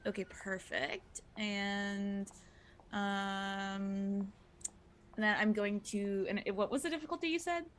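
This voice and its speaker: A woman playing in a tabletop game, talking through her moves in a hesitant, halting way. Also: medium pitch, slight background noise. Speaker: player. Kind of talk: casual chat at a game table.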